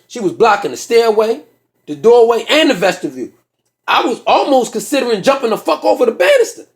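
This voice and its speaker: A man telling a profane comic story on stage, acting out the people in it. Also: high voice. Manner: profane, animated storytelling with acted-out voices. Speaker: stand-up comedian. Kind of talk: stand-up storytelling.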